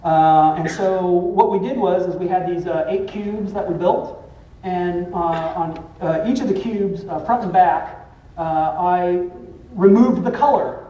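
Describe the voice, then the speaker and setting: A man's voice: high-pitched, mellow, lo-fi sound. Man giving a loose, profane conference talk. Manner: loose and profane, many filler pauses. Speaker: designer presenting at a conference. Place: conference hall with an audience. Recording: roomy hall, distant mic, faint noise.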